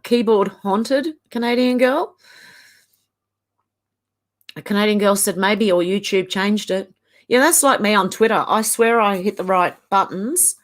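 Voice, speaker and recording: A woman from Australia hosting a livestream, reading out viewer comments in a casual chatty way and chuckling often. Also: mid-range voice. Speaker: livestream host reading chat. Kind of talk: casual chat.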